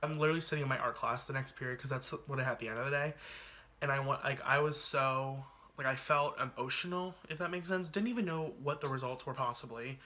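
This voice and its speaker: Bright-voiced chatty young man. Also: mid-range voice, fast. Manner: chatty, dramatic retelling peppered with "like". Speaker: YouTuber. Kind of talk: casual storytime vlog.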